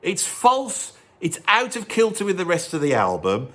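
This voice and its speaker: Animated man telling stories. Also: fairly high pitch, fairly quick. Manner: animated, rambling storytelling. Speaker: music video presenter. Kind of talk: casual monologue.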